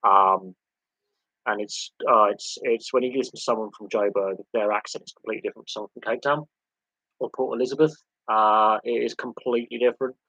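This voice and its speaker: A man's voice: medium pitch, fairly even intonation, fairly quick, pushed and bright, slightly rough, no echo, low-quality recording. A man hosting a casual live sports hangout, rambling with many fillers and restarts. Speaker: livestream host.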